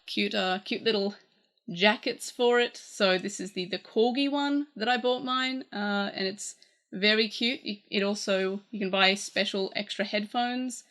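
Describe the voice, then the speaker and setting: A woman's voice: medium pitch, fairly even intonation, measured pace, fairly bright tone. A woman with an Australian accent, chatting casually through a gadget review, rambling a little with fillers and restarts. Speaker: tech reviewer.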